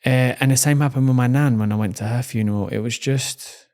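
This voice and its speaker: A man's voice: medium pitch, steady tone, brisk, a little mellow. A man from England, hosting a podcast and speaking candidly in a casual conversation, laughing easily. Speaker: podcast host.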